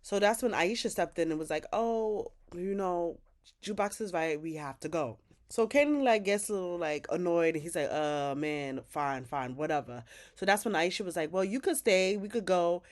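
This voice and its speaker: A woman with a slightly low voice talks through a TV episode recap in a loose, chatty way. She speaks with lots of fillers and slang, swears freely, and breaks in with blunt opinions. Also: fairly quick, a little mellow. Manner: chatty, filler-heavy retelling with quoted dialogue; opinionated asides, profane slang. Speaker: TV recap host.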